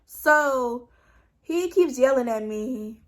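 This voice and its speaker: A young woman tells a casual storytime vlog. Her voice sits a little high for a woman, and she gets animated, acting out quoted lines in her own voice. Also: takes it slowly. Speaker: vlogger.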